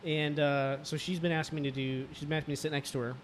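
A man in casual chat, telling a story haltingly, with fillers and restarts. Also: a little high, level tone, a little hiss or hum.

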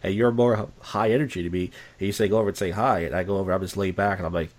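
A man's voice: deep voice, steady tone, very fast. A man talking candidly in casual conversation, rambling and repeating himself, blunt and profane.

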